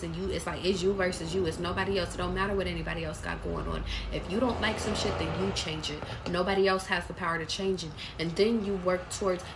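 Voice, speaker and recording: A tarot reader with a lowish voice gives a live reading, speaking casually and bluntly with lots of swearing as she relays intuitive messages. There's noise in the background.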